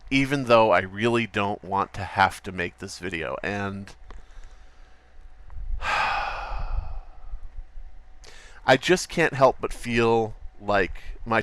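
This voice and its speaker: A man's voice: fairly low pitch, fairly bright tone, clean tone. A man doing a whiny, self-pitying drama YouTuber. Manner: rambling, repetitive complaining. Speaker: podcast host. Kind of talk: comedy skit parody.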